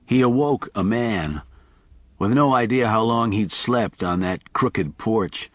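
Narrating an audiobook, a man with a fairly low voice reads in a measured, expressive manner on a dry recording.

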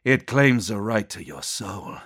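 A man voicing an earnest, pained armored warrior in an audiobook, speaking in a measured way. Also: fairly low pitch, fairly bright tone, dry recording, clean studio sound, voice pushed up.

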